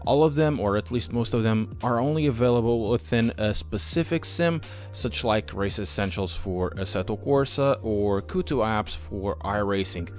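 A man's voice: on the low side, moderate pace, hardly any pauses, faint music behind. A man giving a scripted, explanatory voice-over review of a sim racing app. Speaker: sim racing channel host.

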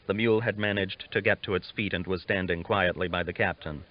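Low-voiced male audiobook narrator, lo-fi. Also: steady tone, fairly quick, hardly any pauses, no echo. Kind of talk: scripted narration. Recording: dull lo-fi recording.

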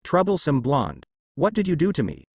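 A man's voice: fairly high pitch, huge pitch swings, moderate pace, creaky, breathy edge, no echo, full character voice. A man voicing a lazy teenage boy ninja who mutters in a bored way. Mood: grumbling.

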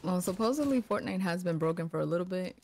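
A woman's voice: on the low side, animated, fast talker, a little mellow. Chatty woman streamer, noisy mic. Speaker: streamer host. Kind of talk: casual gaming chat.

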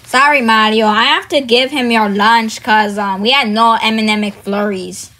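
A woman's voice: on the high side, fairly even intonation, normal speed, bright, forceful tone, a little hiss or hum. A woman voicing a nervous adult male plumber, the younger brother, speaking plainly and a little wearily. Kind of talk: toy-figure fan video acting.

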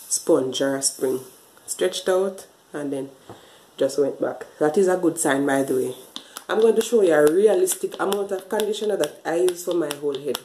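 A woman's low, warm voice narrates her hair wash routine for a vlog, casually explaining every step to the camera while she washes and sounds slightly winded. The recording is low quality, in an echoey room.

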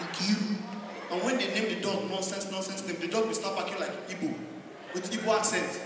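A man with a Nigerian accent performs stand-up comedy in a live venue, his delivery animated and full of pidgin asides. His voice sits high for a man. It rings through a large echoey hall and sounds distant from the mic. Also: fairly quick, heavy background noise. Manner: animated, switching between singing, shouting and pidgin asides.

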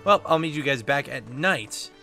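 A playful, chatty man commenting casually on a video game. His pitch moves freely, and faint music plays underneath. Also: lively intonation, moderate pace, vocal fry, pushed and bright. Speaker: let's play host.

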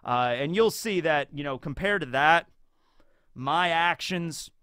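A man voicing a gruff, cynical older navy captain locked in a cell, with a low, quiet, knowing drawl. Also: animated, unhurried, no echo, clean studio sound.

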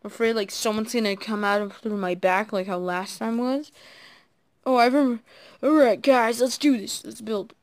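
A woman giving casual, excitable commentary while playing a game, talking to her viewers and admitting she is nervous. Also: on the high side, normal speed, no echo. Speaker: gaming video creator.

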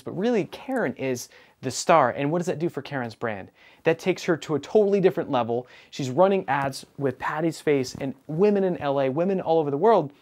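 A man who is a business coach, telling a client story with energy and acting out bits of quoted dialogue. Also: a little high. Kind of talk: storytelling monologue.

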